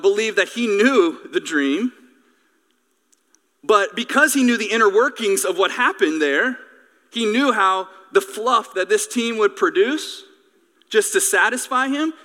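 Animated, high-voiced male preacher. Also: in a large hall. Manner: animated, joking, conversational. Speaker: pastor. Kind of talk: sermon.

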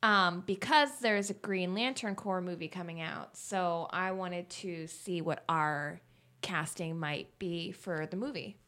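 A young woman in a casual group discussion, playful and quick to interject. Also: lowish voice, pushed and bright. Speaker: student presenter. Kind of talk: casual chat.

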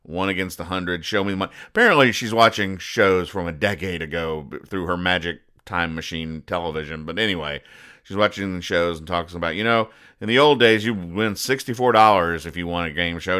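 Deadpan male podcast host, low and bright, smooth delivery, walks through comic strips. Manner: deadpan, explains each joke. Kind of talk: casual comic-strip recap.

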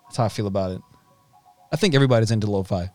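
A man's voice: on the low side, very fast, warm tone, soft background music. A man co-hosting a podcast in casual chat, joking and laid-back, using lots of slang. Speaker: podcast co-host.

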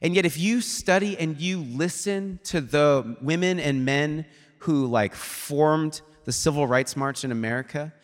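A man's voice: fairly high pitch, a little slow. Man preaching in a reverberant hall. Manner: casual retelling with frequent "like" and "she's like" quotes. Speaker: guest preacher. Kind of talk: conversational storytelling sermon. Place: church sanctuary. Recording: long reverb of a large hall.

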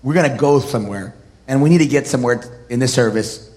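A man preaching a sermon to his congregation, building up to shouted declarations. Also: mid-range voice, fast talker. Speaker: pastor.

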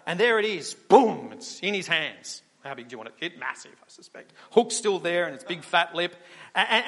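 A man preaching a sermon, telling stories and asking rhetorical questions. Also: a little high. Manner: animated storytelling with rhetorical questions. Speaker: pastor. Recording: long hall reverb.

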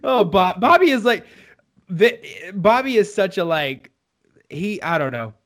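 A man co-hosting a podcast in casual chat, excitable and swearing freely as he talks. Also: high-pitched, a little slow. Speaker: podcast co-host.

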